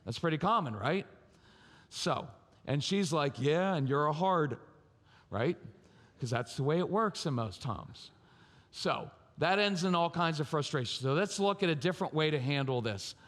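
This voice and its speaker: A man giving a parenting talk at a live conference, animated and theatrical, acting out scenes and quizzing the audience. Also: on the high side, moderate pace. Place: large church conference hall. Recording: long hall reverb from a live venue.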